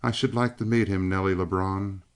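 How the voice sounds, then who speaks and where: A man's voice: sits low, steady tone, normal speed, smooth. A man voicing a proud, touchy small red-headed gunman in a western audiobook, speaking in a clipped, cool way. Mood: cold. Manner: clipped, cool, through the teeth.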